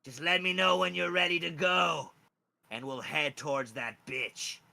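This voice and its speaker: A man voicing a rough young male blue dragon, gruff and coarse, shouting his demands slowly. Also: a little high, exaggerated voice.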